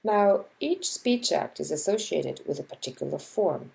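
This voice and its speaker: A woman lecturer giving scripted narration about linguistics, measured and explanatory, acting out example sentences as she goes. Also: low-pitched, expressive, vocal fry, a little mellow, low-quality recording.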